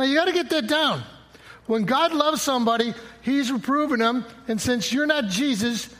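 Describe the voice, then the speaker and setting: A man's voice: very high voice, a bit bright. A middle-aged man preaching a conversational sermon, quoting scripture and acting out little dialogues. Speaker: pastor.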